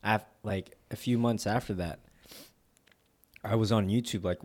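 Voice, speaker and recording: A man's voice: fairly low pitch, steady tone, unhurried, darkish tone. Laid-back young man, casual chat. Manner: laid-back, rambling with many fillers. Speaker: podcast co-host.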